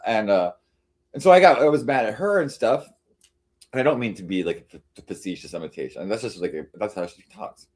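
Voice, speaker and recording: A man's voice: lowish voice, expressive, brisk, darkish tone. A man hosting a livestream, chatting casually and rambling with many fillers and restarts. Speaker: livestream host. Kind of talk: casual chat to a live audience.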